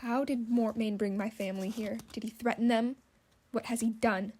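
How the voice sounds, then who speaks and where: A fierce, impatient young man, read by a woman narrating an audiobook, who makes loud demands through gritted teeth. The voice sits fairly high and stays in a narrow band. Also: fairly even intonation, moderate pace, natural voice. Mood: furious. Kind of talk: audiobook character reading.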